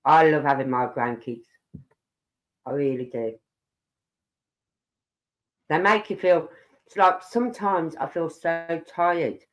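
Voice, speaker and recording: An older live-stream host chats casually and at length. The talk wanders from topic to topic and keeps turning back to the audience. The voice sits at an ordinary middle pitch. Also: takes it slowly, long pauses. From Birmingham, England. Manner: rambling, chatty, talks straight to viewers. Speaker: livestream host.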